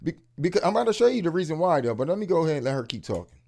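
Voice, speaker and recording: Animated man, high voice, bursts of heat. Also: very fast, vocal fry. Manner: animated, swings into loud emphatic outbursts; casual slang-heavy talk, profanity. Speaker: commentary host. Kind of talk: reaction commentary.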